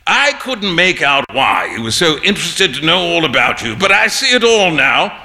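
A man doing a booming, laughing jovial painter. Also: very animated, normal speed, full character voice. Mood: jovial, teasing. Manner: loud, laughing, teasing. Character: boisterous jovial man-about-town painter.

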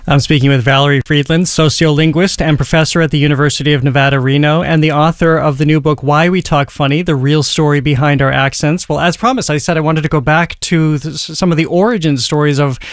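Male radio host, fairly high voice, dry studio sound, measured questions. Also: fairly even intonation, no room sound. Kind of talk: interview hosting.

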